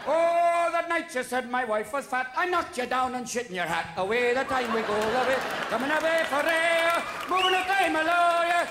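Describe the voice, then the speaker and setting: A man's voice: very high-pitched, normal speed, few pauses, reverberant, background noise, voice pushed up. A comedian singing in an Irish accent as a drunk Irishman belting a bawdy pub song before a live crowd. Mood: rowdy. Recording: live theater audience laughing.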